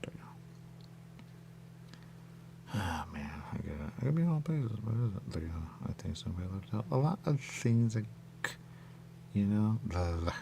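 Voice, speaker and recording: Man, radio host, rambling loose chat, gravelly fry in the voice, pitch leaping up and down. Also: big pitch swings, moderate pace, long pauses, noisy background. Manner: rambling, keeps repeating stock phrases.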